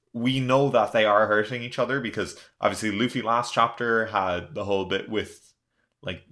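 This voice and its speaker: A man's voice: lowish voice, bright, forceful tone. A man giving a casual, chatty chapter review as the channel's host, leaning on loose filler words. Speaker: manga reaction channel host.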